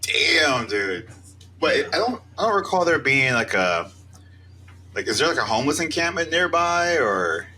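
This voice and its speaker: Man, podcast co-host, very bright tense tone, very animated pitch, short reactive questions. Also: moderate pace, a little hiss or hum. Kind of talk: casual chat.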